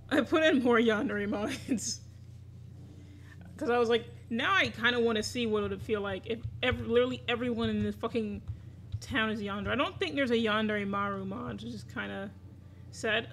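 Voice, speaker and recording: A woman's voice: a little high, vocal fry, fairly bright tone, slight background noise. A woman streaming a game, chatting casually, cursing freely and getting flustered. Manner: swears freely, flustered and laughing. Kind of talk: casual live-stream chat.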